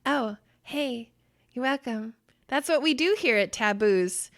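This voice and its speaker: A woman co-hosting a podcast, telling stories in an animated way and breaking into loud laughter. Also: a little high, takes it slowly. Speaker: podcast co-host. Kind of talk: casual podcast chat.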